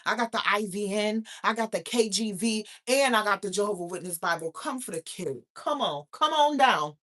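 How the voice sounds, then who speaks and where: A woman hosting a casual livestream, animated and profane, preaching and answering chat comments. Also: mid-range voice, brisk. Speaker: livestream host.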